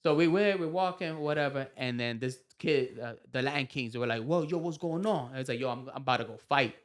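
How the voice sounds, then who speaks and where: A man hosting a comedy podcast, telling a story in an animated way, acting out the quotes and laughing often. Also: medium pitch, fast talker. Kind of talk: casual storytelling chat.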